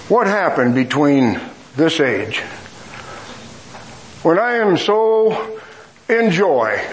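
A man's voice: on the high side, low-quality recording. A middle-aged man preaching a storytelling sermon, with folksy, self-mocking humor.

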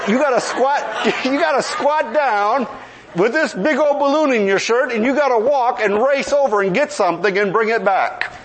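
A man preaching a sermon, telling a funny story and then building into emphatic preaching, with a congregation answering him. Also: high-pitched. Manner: animated storytelling with humor, rising to emphatic preaching. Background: congregation responding.

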